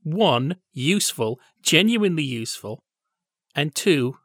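A man co-hosting a podcast, chatting casually and with nerdy enthusiasm about old television, quick to laugh. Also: a little high, big pitch swings, a bit bright, no room sound, clean studio sound. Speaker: podcast co-host.

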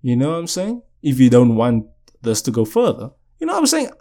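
A young man in casual conversational storytelling, speaking at a middle pitch. He hosts his own podcast from a chair and talks in a loose, chatty way, filling his sentences with "you know what I'm saying". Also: huge pitch swings, brisk, mellow. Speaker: podcast host. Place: indoors, seated.

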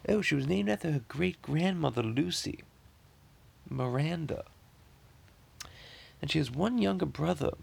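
A man's voice: a little high, expressive, a little slow, vocal fry, long pauses, a little mellow, slightly rough. A man in his thirties hosting a podcast in casual chat, rambling with lots of restarts and free swearing. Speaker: podcast host.

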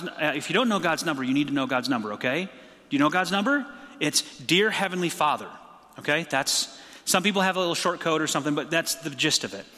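A man preaching a sermon as pastor, in a conversational, lively storytelling way, acting out quoted voices. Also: fairly high pitch, big-room sound.

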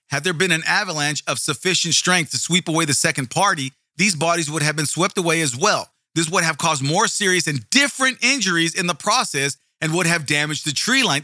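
This man's voice is very bright and edgy and sits a little high for a man, recorded dry and close. He hosts a casual video, mixing straight readings with blunt, swearing commentary. His delivery is emphatic and wry, with many restarts. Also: no echo. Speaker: video host.

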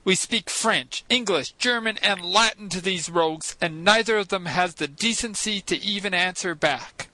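A man doing a furious harpooner in a storybook reading, shouting his complaints in a high, bright voice. The sound is close and dry, with no room around it. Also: normal speed, few pauses, no echo, rough recording. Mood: outraged. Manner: angry, loud and indignant. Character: irascible blustering male harpooner, adult.

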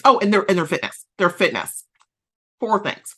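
A woman's voice: mid-range voice, very animated, normal speed, a bit bright, husky. A woman with a Southern US accent hosting a podcast, giving a casual motivational talk full of fillers and restarts. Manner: chatty, repeats herself, frequent fillers. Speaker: podcast host.

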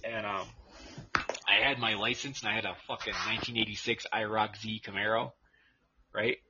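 A podcast co-host from Massachusetts, with a lowish, steady voice at a moderate pace, rambles through profane stories from his school days and laughs often. The casual chat comes through a dull, lo-fi recording with faint noise.

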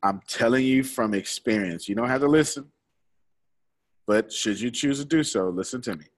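A man's voice: medium pitch, normal speed. A man leading a live group lesson, repeating his points and calling on listeners by name. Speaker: teacher of a study group. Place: room with a small live audience.

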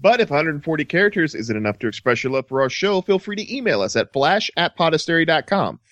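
A man's voice: fairly high pitch, big pitch swings, fast, a bit bright, dry recording, muffled recording. A man co-hosting a casual podcast, playful, with a slight lisp. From American South. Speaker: podcast co-host. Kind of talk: casual chat.

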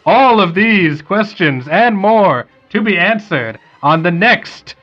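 A man voicing an old-time radio serial announcer in a slow, dramatic delivery. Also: sits high, expressive, dull audio, soft background music, voice pushed up, exaggerated voice.

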